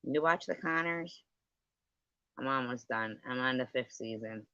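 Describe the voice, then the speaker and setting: Here the host's pitch is extremely low, her pace measured and her tone bright and forceful. She rambles sarcastically in a gossipy, swear-filled livestream rant, recorded dry on a livestream setup that sounds dull and lo-fi.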